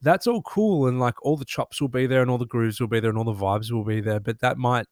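A man's voice: mid-range voice, fast, no room sound, clean studio sound. A man with an Australian accent hosting a casual panel discussion, rambling with many fillers as he works toward his point. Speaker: panel host.

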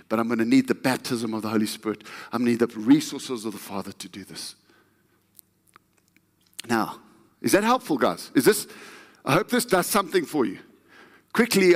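A man preaching a sermon with emphasis, throwing questions at his listeners. His voice sits a bit high for a man. Long reverb from the hall hangs behind him. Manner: emphatic, addresses the crowd with frequent questions.

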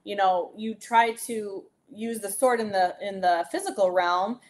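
A woman co-hosts a relaxed Bible discussion, speaking at an ordinary pitch and pace. She offers thoughtful reflections and affirms her partner's points. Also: unhurried. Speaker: co-host.

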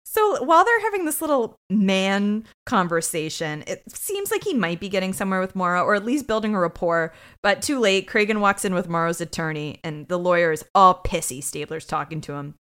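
A woman co-hosts a podcast and recaps a TV episode in casual chat. Her pitch swings widely as she tells it, mid-height and full of jokes and quoted asides. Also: fairly quick, few pauses, smooth. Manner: lively, jokey retelling with quoted asides. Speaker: podcast co-host.

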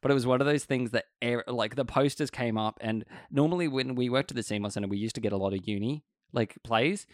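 A man in a casual chat, telling stories in a relaxed way and laughing between phrases. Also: medium pitch, a little fast, hardly any pauses, no room sound, studio quality.

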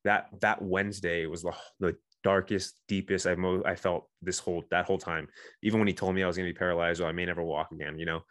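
A man in his thirties tells his own story as a guest, fast and heartfelt. His voice sits low and he speaks in quick bursts, circling back with restarts and "you know"s. The sound is dry and close. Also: level tone, fairly bright tone, dry recording. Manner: earnest, emotional, many restarts and "you know"s. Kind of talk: candid personal storytelling.

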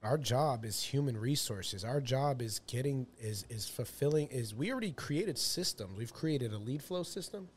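A business owner talking on a podcast, laying out his ideas in a steady, explanatory way. His voice sits at a middle pitch for a man. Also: moderate pace, hardly any pauses, slightly rough. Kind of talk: casual podcast chat.

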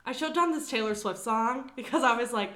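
A young woman co-hosting a casual podcast, telling stories in a chatty, animated way with lots of "like". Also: fairly high pitch, brisk, roomy sound. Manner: chatty, animated storytelling with frequent "like". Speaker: podcast co-host.

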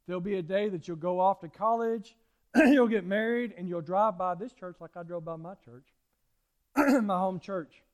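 A man's voice: high-pitched, normal speed. A middle-aged man, preaching a sermon and telling folksy stories with lots of repetition. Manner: folksy, animated storytelling with repeated phrases. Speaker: pastor.

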